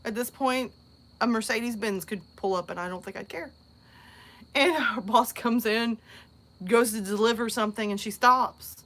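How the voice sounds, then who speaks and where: A woman hosting her channel, telling a story in a casual, animated way, laughing often and acting out other people in squeaky voices. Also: normal speed. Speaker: channel host.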